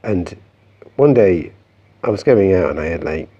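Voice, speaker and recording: A man's voice: sits low, very animated, measured pace, vocal fry, warm tone, slightly rough, highs cut off. A man telling a reflective personal story in a meandering, conversational way, often restarting his sentences. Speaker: vlogger.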